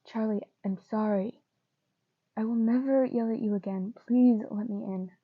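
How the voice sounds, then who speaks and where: A woman's voice: a little high, steady tone, a little slow, phone-quality sound. A woman reading the part of a young man who is a hot-tempered but caring boyfriend. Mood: remorseful. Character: young man, angry then remorseful boyfriend.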